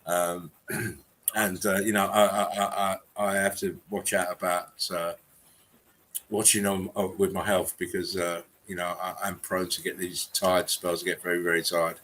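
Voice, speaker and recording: Man, very low voice, rambling filler-heavy chat, faint noise. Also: little pitch movement, unhurried, fairly bright tone. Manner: rambling, many fillers and restarts. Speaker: stream co-host. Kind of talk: casual livestream chat.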